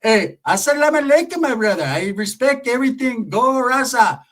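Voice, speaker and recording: A man's voice: very high-pitched, animated, moderate pace, fairly bright tone, voice pushed up. A man voicing a stern motel manager who scolds his guests, mixing polite phrases with insults. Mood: scolding.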